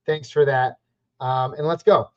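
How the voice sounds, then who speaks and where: A man from the West Coast hosting a live Q&A stream, chatty and upbeat, giving quick verdicts on viewer questions. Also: mid-range voice, steady tone. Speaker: fantasy football live stream host. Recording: slightly muffled lo-fi stream audio.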